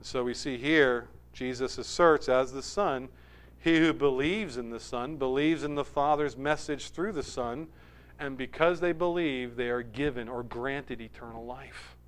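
A man preaching an emphatic sermon, swinging between forceful declarations and hushed asides. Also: mid-range voice, unhurried, smooth. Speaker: pastor.

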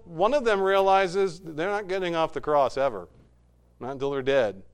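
Fervent preaching man, smooth voice. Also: fairly high pitch, moderate pace. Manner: swings from hushed to loud and fervent. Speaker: pastor. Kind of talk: sermon.

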